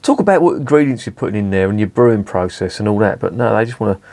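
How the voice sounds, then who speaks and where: A man's voice: lowish voice, animated, fast, darkish tone. A man reviewing a beer on camera, swearing often and grumbling sarcastically. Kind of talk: casual beer review vlog.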